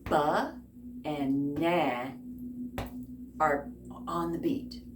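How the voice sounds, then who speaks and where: A woman's voice: sits low, steady tone, extremely slow. A woman in her fifties teaching a beginner ukulele lesson, encouraging and counting along with her students. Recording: echoey room, faint noise.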